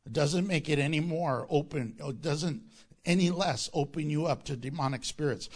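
A man preaching a sermon as pastor, animated and joking, often laughing at his own lines. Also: fairly high pitch, takes it slowly, long pauses, slightly rough.

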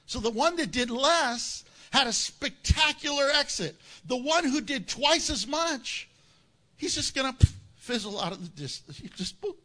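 Man, pastor, sermon, high voice, bright tone, jokey, acts out quotes. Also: expressive, a little slow.

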